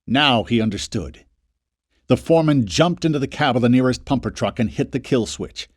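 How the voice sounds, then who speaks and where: A man narrating an audiobook in a scripted, expressive reading. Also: medium pitch, moderate pace, no echo, clean studio sound.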